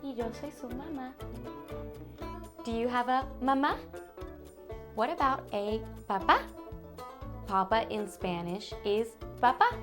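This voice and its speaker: A woman hosting a bilingual lesson for toddlers, speaking slowly and coaxingly in a sing-song way to small children. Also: sits high. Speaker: children's Spanish teacher host.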